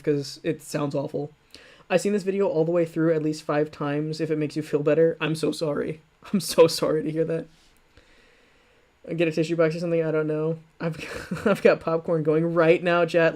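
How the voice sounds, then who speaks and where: A man hosting a livestream, talking loosely and mocking himself with many restarts and fillers. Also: fairly high pitch. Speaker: streamer reacting to his old videos. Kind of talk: livestream commentary.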